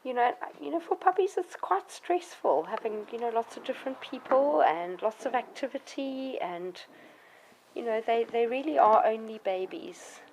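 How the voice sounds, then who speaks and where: A woman with a fairly high voice chats easily about raising puppies, recorded outdoors in a garden. Faint noise hangs behind her, with dogs about. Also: animated, moderate pace, poor audio. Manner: chatty, warm toward the puppies, with sudden squeaky baby-talk to dogs. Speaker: dog breeder. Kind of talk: casual vlog narration. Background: dogs barking now and then.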